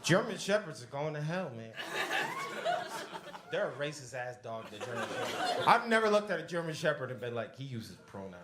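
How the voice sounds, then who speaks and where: In a comedy club, a brash, profane comic works the crowd with animated energy while the audience laughs in the background. His voice is on the high side and brisk, and the room sounds spacious.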